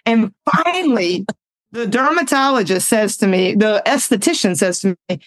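A woman, telling personal stories in casual talk, animated and laughing often as she acts out the voices in her story. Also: mid-range voice, normal speed, no echo. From Southern United States.

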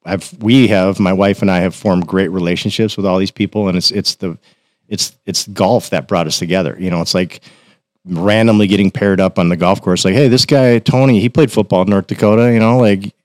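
A man with a fairly low voice spins a casual golf-side yarn on a podcast, jumping up in pitch whenever he mimics someone else. The recording is dry and close, with no room sound. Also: brisk, dry recording. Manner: animated, acts out quotes in a raised voice. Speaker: podcast guest. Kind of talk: casual storytelling.

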